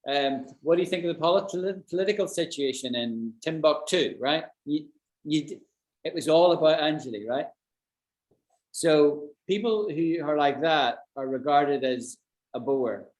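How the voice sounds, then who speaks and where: British male English tutor, slightly high voice, chatty explainer on an echoey video call. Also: a little slow. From Britain. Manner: chatty, explains with examples and checks understanding. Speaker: English teacher. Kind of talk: online English lesson with students.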